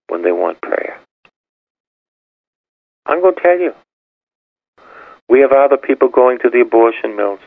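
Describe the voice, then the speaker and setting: Older man, parish priest, sermon, gravelly husky voice, emphatic repetitive preaching, tinny radio sound. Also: mid-range voice, dry recording. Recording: tinny phone-like radio broadcast.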